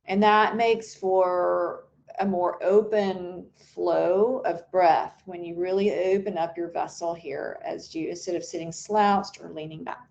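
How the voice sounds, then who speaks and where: Slow, calm woman guiding a meditation. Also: fairly low pitch, gravelly, dull audio. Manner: slow, soothing, unscripted guidance with fillers. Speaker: meditation instructor. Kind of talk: guided meditation.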